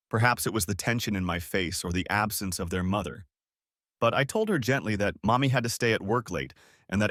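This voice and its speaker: Low-voiced man narrating a story. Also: no echo, studio quality. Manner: measured, calm storytelling. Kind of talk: scripted first-person narration.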